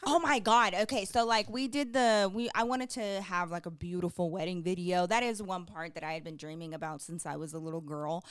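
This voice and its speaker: A woman's voice: fairly low pitch, a little fast, hardly any pauses, clear, resonant tone, no echo, studio quality. A young adult woman co-hosting a podcast, telling stories in casual chat and acting out what people said. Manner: animated storyteller, acts out quotes, laughs often. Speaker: podcast co-host.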